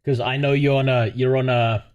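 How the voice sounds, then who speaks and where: A man's voice: mid-range voice, flat delivery, fairly quick, smooth. Guy streaming and chatting to viewers, swears a lot, rambles, regular mid voice. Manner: profane, rambling, laughs often. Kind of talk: casual livestream chat.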